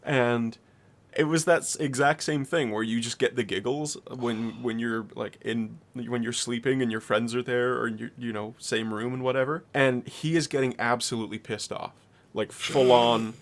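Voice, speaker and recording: A man's voice: medium pitch, steady tone, normal speed. A young man co-hosting a podcast, telling a long story in a rambling way, swearing and laughing as he goes. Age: young adult. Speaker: podcast co-host. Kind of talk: casual storytelling.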